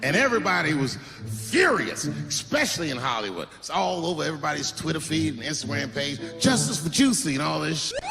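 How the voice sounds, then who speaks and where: A male comedian doing stand-up, telling a story in a punchy, animated way. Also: fairly high pitch, a little fast, gravelly, in a large hall, over music.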